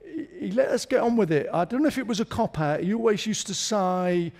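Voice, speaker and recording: A man's voice: high-pitched, animated, a little fast, hardly any pauses, a little mellow. A middle-aged man as a guest in a live on-stage interview, telling jokey anecdotes with chuckles. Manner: chatty anecdotal storyteller, jokes and chuckles. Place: theatre stage.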